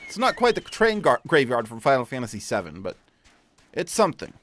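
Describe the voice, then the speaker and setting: A man's voice: medium pitch, wildly swooping pitch, a little fast, a bit bright. A man giving casual let's play commentary with self-mocking, wry asides. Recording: faint game music behind.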